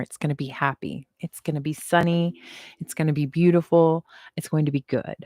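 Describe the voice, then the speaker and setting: Low-voiced woman reading tarot. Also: fairly even intonation, moderate pace, no room sound, clean studio sound. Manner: repetitive and reassuring, chatty asides. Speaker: tarot reader. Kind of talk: casual livestream tarot reading. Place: home, seated at a table.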